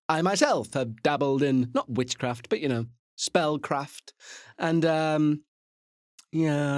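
A man's voice: on the high side, no echo, studio quality. A man hosting a podcast, chatting casually and rambling through asides, with the odd swear. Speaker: podcast host. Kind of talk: casual chat to listeners.

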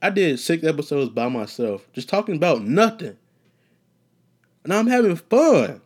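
A man's voice: fairly high pitch, sing-song, moderate pace. A young man hosting a solo podcast, rambling and joking, profane and casual, wandering off topic. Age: young adult. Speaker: podcast host.

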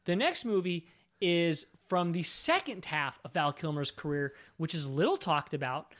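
A man with a notably high voice hosts a casual film discussion. He talks with animated energy, jumping in to act out movie moments as he retells them. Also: moderate pace. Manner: animated, acts out movie scenes while retelling. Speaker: podcast host.

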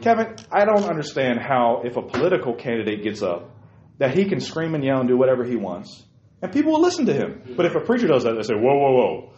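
A man hosting casual opinion talk, emphatic, swinging from quiet explaining to loud bursts. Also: mid-range voice, wildly swooping pitch, fast, slight background noise. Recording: roomy, dull lo-fi sound.

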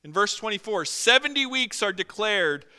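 A man preaching a sermon as pastor, animated, acting out quotes and often using fillers. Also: high-pitched, moderate pace, clear, resonant tone. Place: church sanctuary. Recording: long hall reverb.

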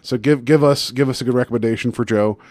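A man's voice: medium pitch, fairly even intonation, fast, a little mellow, dry recording, studio quality. A man co-hosting a podcast, talking in a casual joking way with lots of fillers. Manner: joking, rambling with many fillers. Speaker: podcast co-host. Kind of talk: casual chat.

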